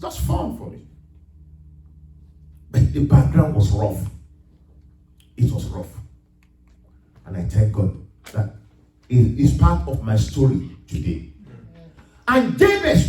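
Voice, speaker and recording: A man preaching a sermon in a high, lively voice that rises to emphatic shouts on the scripture. The sound is roomy and echoing, picked up from some distance in a church hall. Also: slight background noise. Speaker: pastor. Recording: echoey room, mic at a distance.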